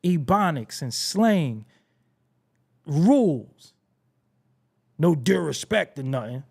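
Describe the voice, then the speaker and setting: Brooklyn man, gravelly, slightly high voice, blunt preachy commentary host. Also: very animated, slow, a little mellow. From Brooklyn, New York. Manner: blunt, preachy, swears freely. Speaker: show host. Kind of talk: casual commentary monologue.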